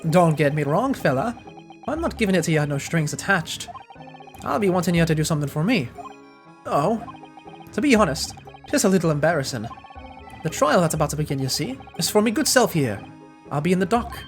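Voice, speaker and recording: A streamer voicing a boastful, wealthy Irish moneylender man in a put-on Irish accent, rough and swaggering. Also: medium pitch, big pitch swings, fairly quick, long pauses, soft background music.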